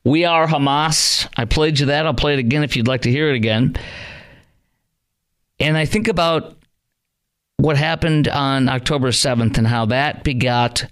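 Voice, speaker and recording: Brief: middle-aged man, talk radio host, mid-pitched, indignant, presses listeners with rhetorical questions. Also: moderate pace, pauses often. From Chicago.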